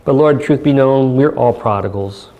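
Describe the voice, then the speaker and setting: A male pastor preaching in a church service at an ordinary middle pitch. He speaks earnestly and unhurriedly, pausing often and reading scripture aloud. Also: mellow, lo-fi sound. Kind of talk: sermon.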